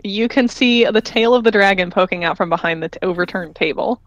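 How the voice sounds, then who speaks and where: A woman's voice: mid-range voice, brisk, no room sound, highs cut off. Chatty woman narrating as game master. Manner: loose, chatty narration with many fillers and laughs.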